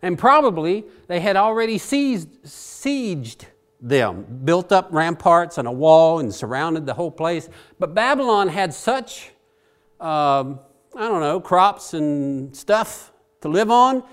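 A man preaching a Bible sermon in a chatty, animated way, swinging between loud and quiet. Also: on the high side, takes it slowly. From Virginia.

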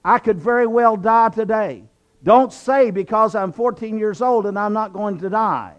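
The recording is muffled, and the man's high-pitched voice moves at normal speed. As a guest, this southwestern Virginian shares his conversion testimony, earnest and preacherly, with phrases repeated for emphasis.

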